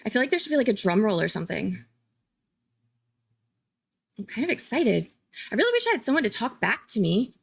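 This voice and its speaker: Woman, live-stream commentary host, chatty, excitable, lively swooping pitch. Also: a little fast, vocal fry, long pauses, husky. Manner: chatty, excitable, laughs often, thinks aloud. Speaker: true-crime commentary host.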